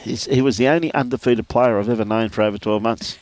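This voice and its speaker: A man's voice: mid-range voice, steady tone, fast, a little mellow. A man with an Australian accent giving live lawn bowls commentary outdoors, chatty and laughing often as he greets viewers by name. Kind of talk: live sports commentary and casual chat.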